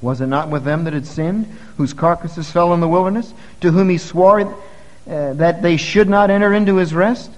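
Male pastor, slightly high voice, earnest sermon with forceful peaks, church reverb. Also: normal speed. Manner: earnest preaching, rising to forceful emphasis. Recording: long reverb of a church hall.

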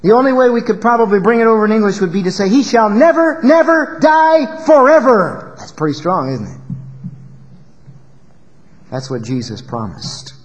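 A male pastor preaching a sermon in an emphatic style, rising to loud peaks and dropping low. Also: animated, fairly quick, long pauses, in a large hall, dull audio.

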